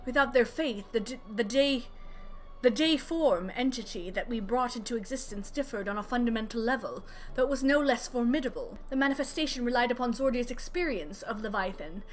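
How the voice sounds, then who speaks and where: A woman's voice: a little high, lively intonation, a little fast, lightly acted. A woman reading a learned, formal male elven scholar aloud in ornate, archaic phrasing while streaming a game.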